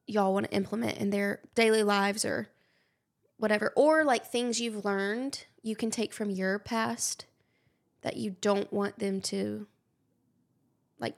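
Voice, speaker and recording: A young woman hosts a podcast chat, effusive and quick to gush. Her voice has a gravelly fry, and her pitch sits in the middle range. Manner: warm, effusive, gushing. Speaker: podcast host. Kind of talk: casual conversation.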